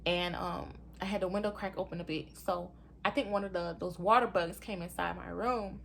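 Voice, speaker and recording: Her voice creaky and her pace normal, a young woman chats with her viewers about something that happened to her, lively and informal. She often calls them "y'all" and acts out what others said in a high voice, with a faint hiss or hum underneath.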